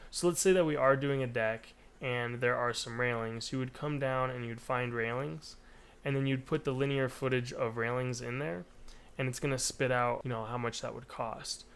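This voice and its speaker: A man's voice: mid-range voice, fairly even intonation, normal speed, creaky, a bit bright, clean tone. A man casually walking through a painting estimate spreadsheet in a screen recording, explaining step by step with frequent fillers. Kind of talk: screen-recorded software walkthrough.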